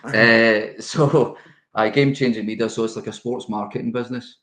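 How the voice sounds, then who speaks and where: A middle-aged Scottish former footballer, a guest telling lively anecdotes in a casual interview. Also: male voice, fairly low pitch, moderate pace, echoey room. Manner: animated anecdote telling with laughs.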